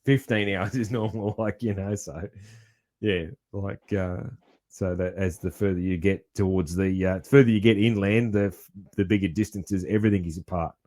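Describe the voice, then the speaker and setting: Laid-back Australian man, low voice. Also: fairly even intonation, normal speed, a little mellow. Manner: rambling, laid-back, swears casually. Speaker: podcast co-host. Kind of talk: casual chat.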